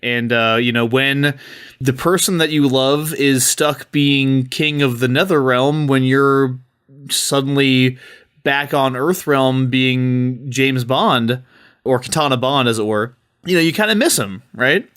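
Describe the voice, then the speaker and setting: A man's voice: medium pitch, a little slow, a bit bright, clean tone. Wry rambling man podcaster. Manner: wry, rambling, swears casually. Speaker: podcast panelist. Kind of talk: comedic debate pitch.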